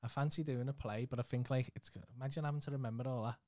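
A man's voice: mid-range voice, steady tone, racing, mellow, no room sound, studio quality. A man with a Scouse accent hosting a podcast, chatting casually, teasing his guest, laughing and swearing freely. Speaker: podcast host. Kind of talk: casual chat.

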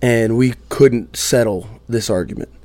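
A man, a musician guest on a podcast, telling a candid personal story in an animated, self-deprecating way with quick asides. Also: medium pitch, no room sound.

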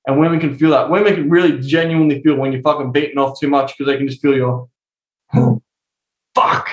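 A young adult man speaking as a coach in a casual podcast interview, swearing constantly as he tells animated stories. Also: a little high, fast talker, highs cut off. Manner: profane, animated storytelling. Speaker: sex and intimacy coach, guest. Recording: roomy echo.

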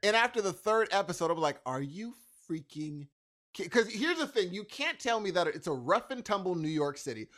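A man with a high voice that swings widely in pitch, ranting in exasperation on a casual podcast. He talks in slang and keeps circling back to his complaint. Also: expressive, fairly quick, hardly any pauses, fairly bright tone. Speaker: podcast co-host.

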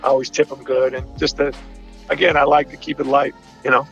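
A man's voice: medium pitch, flat delivery, brisk, vocal fry, a bit bright, dull audio, faint music behind. A middle-aged man, a baseball coach, telling a playful prank anecdote in a wry tone. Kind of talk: anecdote in interview.

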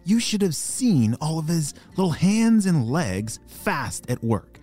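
A man narrating a children's story, animated and talking directly to young listeners with questions. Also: fairly high pitch, takes it slowly, faint music behind.

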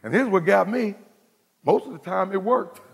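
A man preaching a sermon as pastor, calling out to the congregation and swinging from loud to hushed. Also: high-pitched, moderate pace, vocal fry, husky, long reverb tail.

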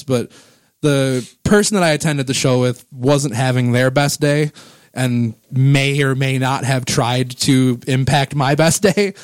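A man's voice: medium pitch, no echo. A man in his thirties or forties hosting a casual music podcast, rambling with enthusiasm and getting emotional about favorite records, on a close microphone. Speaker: podcast host.

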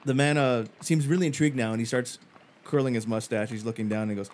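A man narrating as game master in a relaxed, hesitant way. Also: mid-range voice, quick pace, a little hiss or hum.

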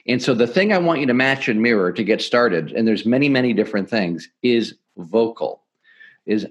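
A middle-aged man, a podcast guest, explaining sales techniques in an energetic, emphatic coaching manner. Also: medium pitch. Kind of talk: podcast interview, teaching sales tips.

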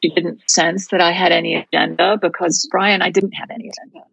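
A woman's voice: lowish voice, flat delivery, fairly quick, vocal fry, fairly bright tone, husky, dry recording, poor audio. A woman guest telling a personal faith story in an earnest, heartfelt, reflective way. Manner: heartfelt, reflective, speaks of prayer and scripture.

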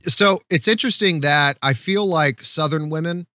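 A man's voice: fairly high pitch, normal speed, no room sound, clean studio sound. A man co-hosting a casual podcast about a film from a small soundproofed home desk, talking loosely and swearing freely. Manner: animated, swearing, slips into shouted impressions. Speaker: podcast co-host. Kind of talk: casual film-discussion chat. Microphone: home desk mic.

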